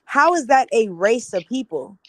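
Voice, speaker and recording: A woman's voice: on the high side, sing-song, moderate pace, a bit bright, no room sound. A woman co-hosting a podcast, chatting loosely, laughing often and mimicking other people. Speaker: podcast co-host. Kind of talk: casual podcast chat.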